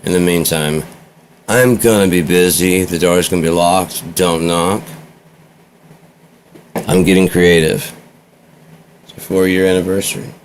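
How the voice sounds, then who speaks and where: A man's voice: sits low, steady tone, unhurried, pauses often, a little hiss or hum. A man vlogging in a rambling, offhand monologue, swearing casually.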